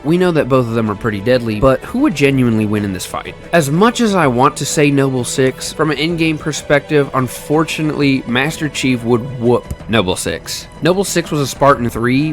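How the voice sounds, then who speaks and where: A man's voice: medium pitch, a bit bright. A man in his twenties giving casual, chatty gaming commentary, laughing often as he explains. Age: 20s. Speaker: gaming YouTuber.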